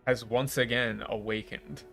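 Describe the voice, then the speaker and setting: A man's voice: medium pitch, fairly even intonation, unhurried, creaky, a bit bright, soft background music. A man chatting casually on a game stream, joking and riffing while reacting to a translation.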